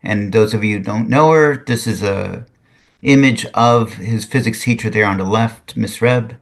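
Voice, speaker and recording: An older man, a retired physics teacher, reads a student's poem aloud with a lively sing-song lilt and adds drier spoken asides. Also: on the low side, normal speed, gravelly.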